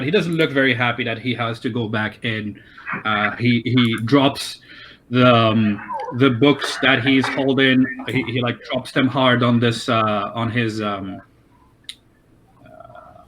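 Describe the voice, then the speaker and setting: A man narrating a tabletop role-playing game as game master, talking haltingly with lots of fillers and restarts over an online call. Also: medium pitch, fairly even intonation, fairly bright tone, a little hiss or hum, poor audio.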